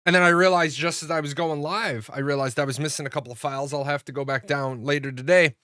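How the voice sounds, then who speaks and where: A man's voice: fairly high pitch, fairly even intonation, fast, sharp tone, clean tone. A man streaming live and chatting casually, telling stories in a rambling way with plenty of swearing and restarts. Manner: rambling storyteller, swears freely, frequent restarts. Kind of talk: casual livestream chat.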